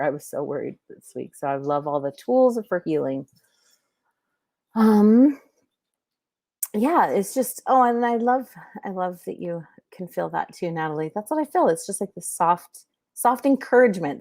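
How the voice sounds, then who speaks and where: Chatty woman on a livestream, low voice. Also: darkish tone, no room sound, studio quality. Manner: chatty, meandering, full of fillers and restarts. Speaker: livestream host giving intuitive readings. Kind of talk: casual livestream chat.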